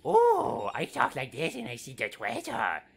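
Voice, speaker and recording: A man's voice: mid-range voice, wildly swooping pitch, a little slow, vocal fry, husky, pitched above the performer's own voice, heavily acted. A man putting on an exaggerated, gushing voice for a mock online persona, talking in a sing-song way.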